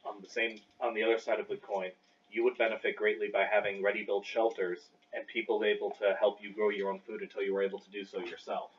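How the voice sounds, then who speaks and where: A man playing in a tabletop game, speaking in a formal, measured way as his character. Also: lowish voice, little pitch movement. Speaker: player. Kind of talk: in-character negotiation. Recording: distant, dull mic with faint noise.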